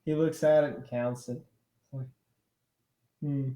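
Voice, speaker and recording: Mellow-voiced man narrating a game. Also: mid-range voice, fairly even intonation, moderate pace, reverberant. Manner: rambling, full of fillers. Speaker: game master.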